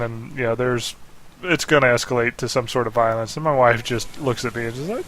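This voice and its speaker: Laughing man telling a wild family story. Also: mid-range voice. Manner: laughing, animated storyteller doing quick family voices. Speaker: gaming video host. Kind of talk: casual storytelling over gameplay.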